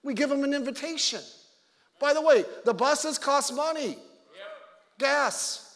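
A male pastor preaching a conversational sermon with joking asides, swinging between loud emphasis and quiet low remarks. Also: unhurried, in a large hall.

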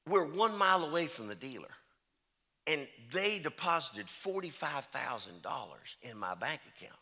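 A man's voice: on the high side, sing-song, moderate pace, pushed and bright. A middle-aged man, a traveling preacher, telling folksy stories in a sermon and often repeating "I said" and "he said". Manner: chatty, storytelling, repeats "I said" and "he said".

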